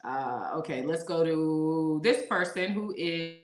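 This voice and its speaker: A woman's voice: deep voice, slow, reverberant. A woman co-hosting a casual live podcast with her husband, reading out viewer questions with lots of laughter and teasing. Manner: playful, laughing, reads viewer comments aloud. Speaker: podcast co-host. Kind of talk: casual live-stream chat.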